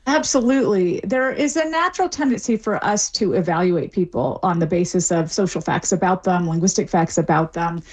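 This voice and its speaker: A woman's voice: on the low side, brisk, hardly any pauses, husky. Articulate middle-aged woman explaining. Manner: fluent, explanatory, with small restarts. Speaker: linguistics professor, guest. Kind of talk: expert radio interview.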